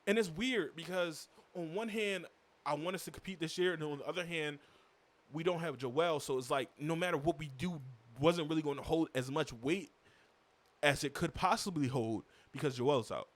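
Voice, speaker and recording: Young guy, slightly high voice, casual solo rant, rambling and exasperated. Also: normal speed. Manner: frustrated, rambling, repeats himself. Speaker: basketball commentator and fan.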